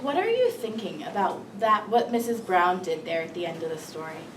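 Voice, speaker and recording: A woman teaching first grade, reading a big book aloud to her class in an expressive, sing-song voice. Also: lowish voice, fairly quick, background noise. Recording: echoey classroom, mic far off, children around.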